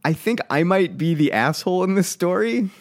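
A man's voice: sits high, moderate pace. Worked-up storytelling man, swearing. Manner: animated, swears, worked up while telling a story. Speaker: podcast co-host. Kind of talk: casual storytelling chat.

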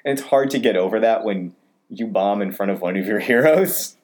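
A man co-hosting a podcast, telling a personal story in casual, animated chat. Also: a little fast. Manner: animated storytelling with wide pitch swings. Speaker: podcast co-host.

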